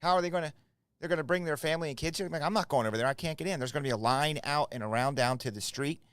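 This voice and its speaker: A man's voice: a little high, racing, fairly bright tone, clear, resonant tone, dry recording, studio quality. A middle-aged man hosting a live card break from his shop, chatting casually and rambling to viewers by name. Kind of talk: casual live stream chat.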